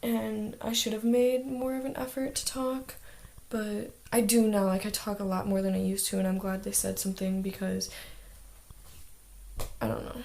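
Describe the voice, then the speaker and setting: A woman's voice: medium pitch, level tone, normal speed, gravelly, dark tone. A teenage girl talking in a casual video diary as an exchange student, chatty and full of "like" fillers.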